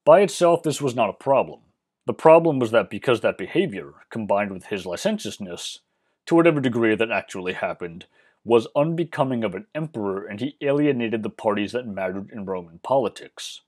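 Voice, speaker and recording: A man narrating a history lesson, measured and explanatory with dry, wry asides. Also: on the low side, lively intonation, darkish tone. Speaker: history channel host.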